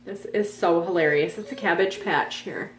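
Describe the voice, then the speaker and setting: A woman's voice: on the low side, moderate pace, slight background noise. Chatty woman in an echoey room. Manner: chatty and rambling, with frequent fillers. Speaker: vlog host. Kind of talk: casual chat. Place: home on a farm.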